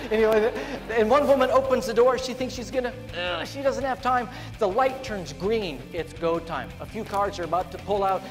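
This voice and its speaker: A man giving a comedic motivational keynote on stage, animated and playful. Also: high voice, normal speed, hardly any pauses. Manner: animated and playful, acting out funny voices. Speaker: motivational speaker. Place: large event hall on stage. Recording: echoey hall with music underneath. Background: music.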